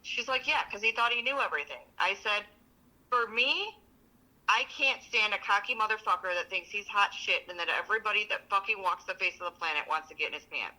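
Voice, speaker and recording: Bright, blunt, profane woman storyteller. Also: medium pitch, fairly quick, rough recording. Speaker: podcast co-host. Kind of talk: casual chat.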